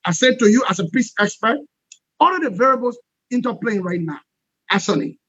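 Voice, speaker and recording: A man giving an impassioned political interview as a guest, forceful and repetitive, often asking "all right?". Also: high-pitched, lively intonation, a little fast, dry recording, lo-fi sound.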